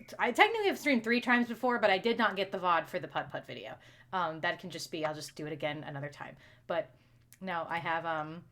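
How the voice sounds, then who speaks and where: A woman's voice: lowish voice, bright, forceful tone. A young woman live-streaming, flustered and self-mocking, who swears and drops into muttered whispers. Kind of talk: casual live-stream chat.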